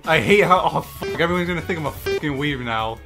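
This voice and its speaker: A young man reacting to memes in casual commentary, excitable and mock-exasperated, swearing and laughing often. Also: fairly high pitch, fast. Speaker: YouTube meme reactor. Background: faint background music.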